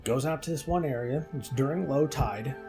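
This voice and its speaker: A man's voice: mid-range voice, normal speed, music in the background. A man hosting a game video, casually retelling a myth with lots of fillers. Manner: rambling, many fillers. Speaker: gaming channel host.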